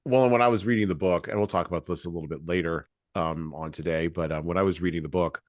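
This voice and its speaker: Deep-voiced measured American host. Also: male voice, fairly even intonation, dry recording, studio quality. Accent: flat Midwestern American. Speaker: podcast host. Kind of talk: casual podcast conversation.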